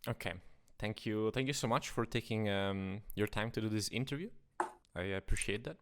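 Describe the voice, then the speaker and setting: A man hosting a casual interview, answering in brief, quiet replies. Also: on the low side, moderate pace, clean tone. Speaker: interview host.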